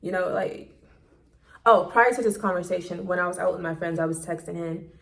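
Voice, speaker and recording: A woman's voice: fairly low pitch, a little fast, vocal fry, fairly bright tone. A woman vlogger telling a personal story in a casual monologue, candid and blunt, swearing freely, recorded on a phone.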